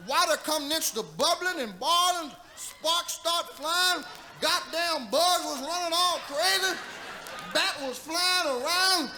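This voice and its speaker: A man in his thirties doing live stand-up, telling a profane, animated story that swings from low mutters to shouts. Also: takes it slowly. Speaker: stand-up comedian. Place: nightclub stage before a live audience. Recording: 1970s live club album recording with audience noise.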